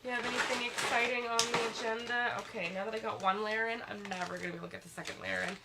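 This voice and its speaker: A woman's voice: fairly high pitch, fairly even intonation, very fast, heavy background noise. A woman livestreaming from her bed while sick, chatting casually and reading viewer comments aloud. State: sick, slightly congested. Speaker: livestream host. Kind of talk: casual live stream chat. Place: in bed at home. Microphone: phone.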